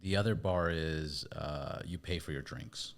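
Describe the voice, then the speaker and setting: A low-voiced man hosts a podcast in an easy, chatty way. He tells his own story and jumps into sound effects and other people's lines as he goes. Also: unhurried. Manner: lively, acts out sounds and quotes. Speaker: podcast host. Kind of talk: casual storytelling.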